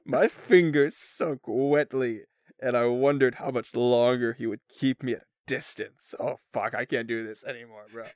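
A man's voice: mid-range voice, fairly even intonation, moderate pace, darkish tone, no echo. A man co-hosting a comedy podcast, reading erotica aloud reluctantly and swearing. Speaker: podcast co-host.

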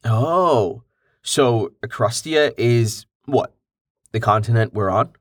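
Male narrator as curious young man, pushy with questions, unhurried delivery. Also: medium pitch, animated, no echo, clean studio sound. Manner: inquisitive, exasperated questions.

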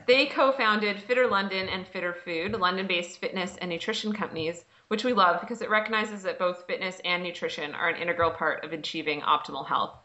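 A woman's voice: lowish voice, a little fast, hardly any pauses, bright, forceful tone, reverberant, lo-fi sound. A woman with a Canadian accent hosting a podcast, upbeat and chatty as she introduces guests. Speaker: podcast host. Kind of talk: scripted introduction and interview.

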